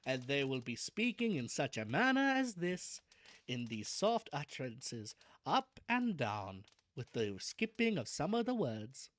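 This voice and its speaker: A man voicing an elderly male vampire hunter with a put-on Eastern European accent, speaking softly in broken English with a sing-song rise and fall. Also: medium pitch, big pitch swings, unhurried. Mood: soft, lilting. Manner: soft sing-song cadence, broken grammar.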